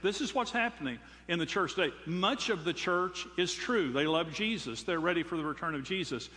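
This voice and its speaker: An older man, preaching to his congregation in an emphatic, preacherly way that leans on rhetorical questions. His voice is bright and forceful and rides a little high. A long reverb of a large hall trails behind every phrase. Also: moderate pace, hardly any pauses. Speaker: pastor. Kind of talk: sermon.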